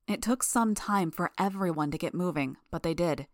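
A woman giving a measured first-person audiobook narration. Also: lowish voice, dry recording, clean studio sound.

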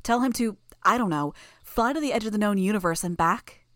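A woman's voice: mid-range voice, brisk, fairly bright tone, no echo, clean studio sound, voice pushed up, natural voice. A woman voicing a blunt, practical woman leader who talks decisively. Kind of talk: audiobook character voice.

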